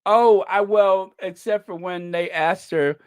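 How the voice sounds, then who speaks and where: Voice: medium pitch, fairly even intonation, slow pace, smooth, dry recording, clean studio sound. A livestream host reading the chat in a casual, chatty way, laughing often and stretching out repeated no's.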